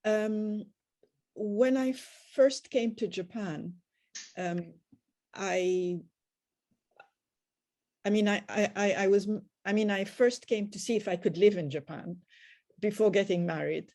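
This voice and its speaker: An older woman shares family stories over a video call, slipping into quoted conversations as she goes. Her voice is mellow and sits at a middling pitch. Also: takes it slowly, long pauses. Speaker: guest. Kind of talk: storytelling in a group video call.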